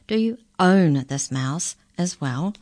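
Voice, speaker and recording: A woman voicing a suspicious, officious giant white rat officer with a gravelly, demanding voice. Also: fairly low pitch, animated, takes it slowly, a little mellow, dry recording. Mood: stern. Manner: stern, demanding, incredulous.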